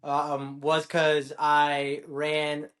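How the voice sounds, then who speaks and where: A man's voice: on the high side, monotone, extremely slow, fairly bright tone. A man from Queens, a podcast guest, telling his army story in a rambling, self-correcting way. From Queens, New York City. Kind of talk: casual interview chat.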